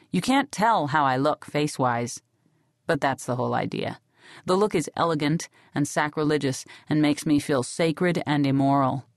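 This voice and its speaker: A woman narrating a novel in the first person in a sardonic, deadpan way. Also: low-pitched, no echo, studio quality. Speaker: audiobook narrator.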